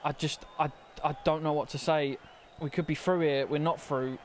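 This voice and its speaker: A man's voice: on the high side, fairly even intonation, normal speed, a little hiss or hum. A young man commentating his own football video game, flustered and stammering as things go wrong. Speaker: gaming commentator. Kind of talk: casual gameplay commentary.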